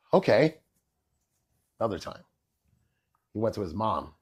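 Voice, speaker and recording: Low-voiced middle-aged man telling stories. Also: a little slow, pauses often, husky. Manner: animated, street-casual, keeps saying "bro" and "right?". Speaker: chef, podcast guest. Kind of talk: casual storytelling chat.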